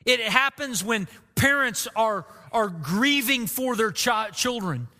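A man's voice: extremely high pitch, expressive, slow, pushed and bright, long reverb tail. A man preaching a sermon as pastor, earnest and emotive, repeating phrases for emphasis.

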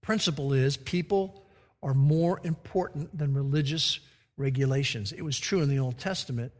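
A pastor preaching a sermon, swinging between loud emphatic stretches and hushed, slow emphasis. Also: male voice, medium pitch. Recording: long reverb of a large hall.

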